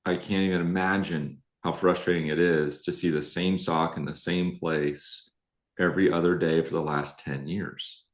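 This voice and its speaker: A deep, low-pitched middle-aged man on a live relationship show, telling stories in an animated, self-deprecating way. His voice carries a roomy echo from the space around him. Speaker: relationship coach co-host. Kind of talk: live-streamed conversational talk.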